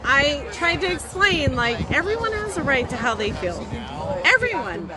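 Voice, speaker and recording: A middle-aged woman chatting loudly and teasingly with friends on an outdoor patio. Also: sits high, normal speed. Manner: loud, teasing, animated. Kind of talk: casual chat. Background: crowd chatter.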